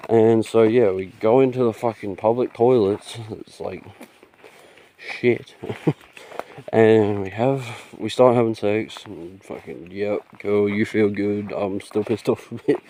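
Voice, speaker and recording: Young man, low voice, mellow tone, rambling casual storytelling, swears and laughs often, phone mic. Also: steady tone, slow pace, a little hiss or hum. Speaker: vlogger. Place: outdoors.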